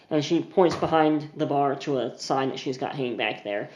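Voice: medium pitch, normal speed, few pauses, darkish tone, echoey room, dull audio. A game master narrating a tabletop game scene in a loose, descriptive way. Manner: descriptive, uses filler words.

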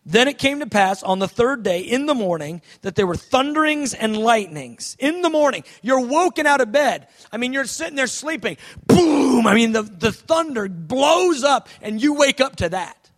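High-voiced dramatic male preacher. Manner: dramatic, swings from shouting to hushed. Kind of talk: sermon.

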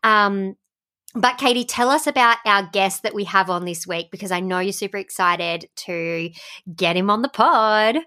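A young woman co-hosting a podcast in casual chat, gushing and animated and laughing often. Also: mid-range voice, moderate pace. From Australia. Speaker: podcast co-host.

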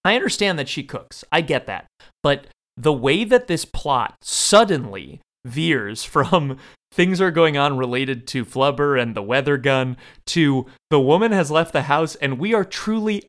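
A man co-hosting a podcast with a dry, sarcastic delivery. His voice sits at an ordinary middle pitch, and the talk is loose, casual chat. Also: normal speed. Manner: sarcastic, deadpan riffing. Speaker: podcast co-host.

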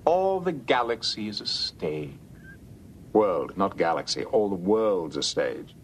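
Theatrical alien trickster, declaiming, low and lively, put on by a man. Faint rumble behind. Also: slow. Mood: grandiose.

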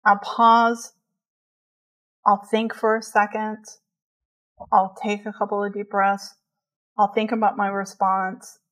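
Woman, casual podcast chat, chatty and filler-heavy, laughs easily, mid-pitched voice. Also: flat delivery, slow pace, long pauses, fairly bright tone.

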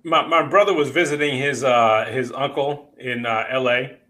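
Bright-voiced man in casual chat. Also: medium pitch, normal speed. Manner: swearing, animated storyteller. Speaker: podcast host.

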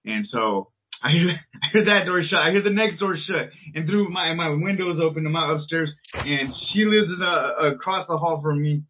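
Recorded with a tinny, phone-like quality, a man in his thirties co-hosting a podcast tells a drawn-out, rambling story, swearing a lot and using plenty of filler words. His slightly rough voice sits on the high side at a moderate pace.

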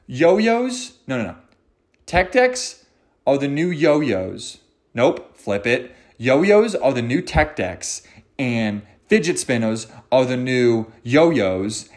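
A man hosting his own podcast, rambling off the cuff with jokes, swearing and self-mocking asides. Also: on the high side. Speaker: podcast host. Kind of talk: unscripted solo podcast ramble.

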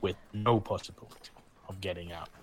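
A man's voice: deep voice, fairly even intonation, fairly quick, voice pushed down, lightly acted. A man doing a stern threatening official.

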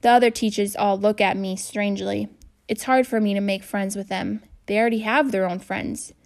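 A woman's voice: mid-range voice, steady tone, moderate pace, lightly acted. A woman voicing a friendly, encouraging school counselor in a children's audiobook. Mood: kind.

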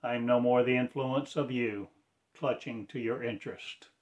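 A man's voice: medium pitch, fairly even intonation, moderate pace, muffled recording. A man delivering a fragmented, incantatory spoken-word monologue with preacher-like phrasing.

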